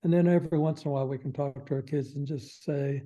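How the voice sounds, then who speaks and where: Mellow, husky older man. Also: fairly high pitch, fairly even intonation, quick pace, muffled recording. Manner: folksy, acts out little quoted phrases, chuckles often. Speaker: parenting expert guest. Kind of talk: podcast interview, explaining.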